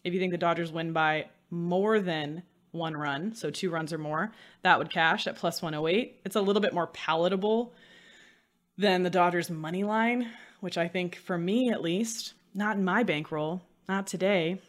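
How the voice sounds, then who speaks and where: A woman's voice: fairly low pitch, normal speed. A woman hosting a sports betting podcast alone, chatty and self-mocking with dry sarcasm. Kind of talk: solo podcast talk.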